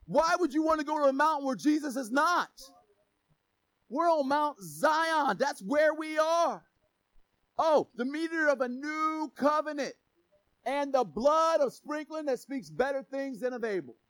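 A male pastor preaching a sermon in an energetic, joking manner, with shouted emphasis on key lines. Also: very high-pitched, moderate pace, rough recording.

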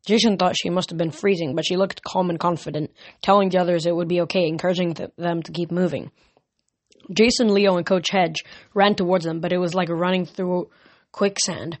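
A man reading a novel aloud as an amateur audiobook, steady with small slips. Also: high-pitched, a little fast, no echo. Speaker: reader.

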